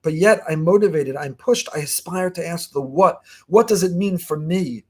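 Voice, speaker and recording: A man giving a fast, emphatic Torah lesson as a rabbi, repeating key phrases. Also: fairly high pitch, slightly rough. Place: online class.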